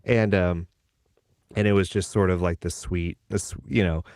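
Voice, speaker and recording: A voice actor, a man, chatting casually and telling animated stories, slipping briefly into character voices. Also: sits low, normal speed, no echo, clean studio sound. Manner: animated storyteller who slips into character voices. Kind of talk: casual conversation.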